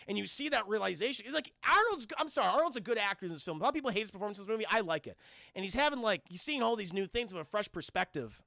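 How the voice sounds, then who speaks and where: Dude recapping a movie for his chat, swears a lot, bright gravelly voice, super dry close mic. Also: high-pitched, racing, no echo. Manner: animated, profane, rambling storytelling. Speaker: film reviewer streaming to chat. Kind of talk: casual livestream film recap.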